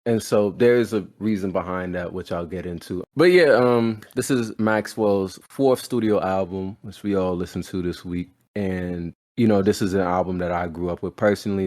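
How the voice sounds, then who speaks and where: A man's voice: deep voice, darkish tone. A young man hosting a casual music podcast, telling a story animatedly and quoting his dad with lots of laughter. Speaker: podcast host. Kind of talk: casual chat.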